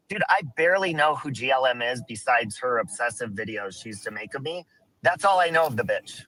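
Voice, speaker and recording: An angry man rants on a live stream in a bright, sharp tone. He is defensive and swears freely as he hits back at his critics. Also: medium pitch, lively intonation, a little fast, a little hiss or hum, rough recording. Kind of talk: heated live-stream chat.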